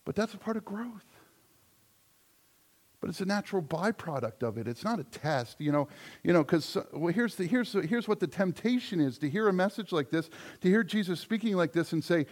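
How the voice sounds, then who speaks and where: A male pastor preaching a sermon, emphatic, moving between loud declarations and soft asides. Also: high-pitched, lively intonation, fairly quick.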